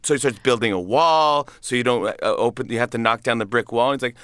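A man's voice: mid-range voice, brisk, hardly any pauses, fairly bright tone, smooth, dry recording, studio quality. A man, a comedian guest, chatting casually in an interview, laughing often and restarting his sentences.

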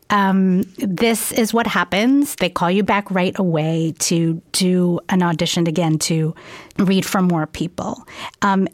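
Calm woman interviewer. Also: mid-range voice, dry recording. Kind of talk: interview questions.

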